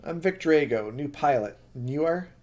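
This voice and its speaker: A man's voice: animated, normal speed, close to an everyday voice. A man reading aloud and voicing a brash, friendly young male pilot who talks casually and coaxingly. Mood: concerned. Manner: casual, coaxing, low and quiet.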